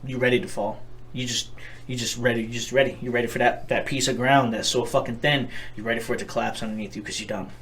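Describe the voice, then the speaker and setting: A man's voice: medium pitch, fairly even intonation, fast, fairly bright tone, a little hiss or hum. Profane, rambling young man on a podcast. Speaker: podcast co-host. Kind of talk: casual chat.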